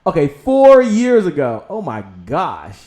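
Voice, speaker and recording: Lively high-voiced male show host. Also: slow pace. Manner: animated, excitable, talks to viewers and guest. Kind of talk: live-stream talk show hosting.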